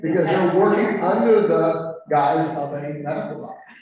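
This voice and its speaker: Guy at a board meeting explaining stuff flatly, warm soft tone, far off and muffled in an echoey room. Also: a little high, moderate pace. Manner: explanatory, matter-of-fact. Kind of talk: answering questions at a public meeting. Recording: echoey room, distant, dull sound.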